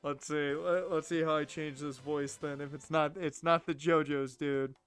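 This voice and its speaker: A man's voice: fairly high pitch, fairly even intonation, normal speed, a bit bright, clear, resonant tone, soft background music. A man streaming a video game, making joking, sarcastic casual commentary. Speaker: let's play streamer.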